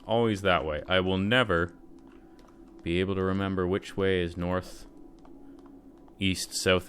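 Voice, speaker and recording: A man's voice: low-pitched, a bit bright, a little hiss or hum. A man hosting a let's play, giving rambling, self-deprecating commentary over the game. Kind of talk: casual gameplay commentary.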